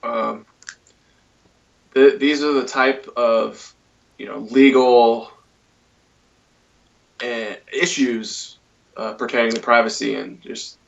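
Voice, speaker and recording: A man's voice: mid-range voice, steady tone, creaky, recorded from a distance, muffled recording. A man co-hosting a casual talk show, reading a news story aloud with many fillers and restarts. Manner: loose, halting delivery with many fillers. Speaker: podcast co-host.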